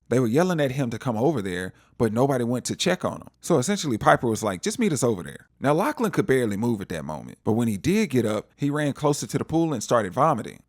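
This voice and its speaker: A man recapping a TV episode in a casual, animated storytelling way, acting out the characters' lines. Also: mid-range voice, dry recording, clean studio sound. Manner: animated storytelling, acts out quotes. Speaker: TV recap vlogger.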